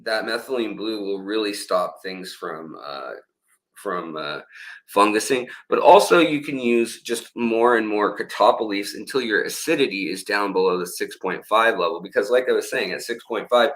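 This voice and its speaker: A man's voice: lowish voice, moderate pace, a bit bright, rough recording. A man hosting a casual livestream, rambling with many fillers and restarts while he reads out and answers viewer comments. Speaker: livestream host.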